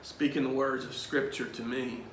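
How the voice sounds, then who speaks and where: A man leading a Bible study, telling a personal story in an animated, emphatic way. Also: mid-range voice, moderate pace, roomy sound, slight background noise.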